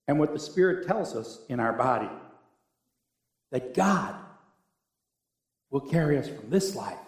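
A middle-aged man preaching a sermon as pastor, earnest and unhurried, with dramatic pauses and rising swells. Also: mid-range voice, expressive. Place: church sanctuary. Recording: echoey church sanctuary.

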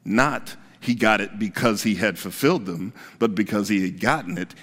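Pastor preaching in a reverberant hall. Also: male voice, on the low side, normal speed, fairly bright tone. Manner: conversational, repeats key points for emphasis. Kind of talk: sermon.

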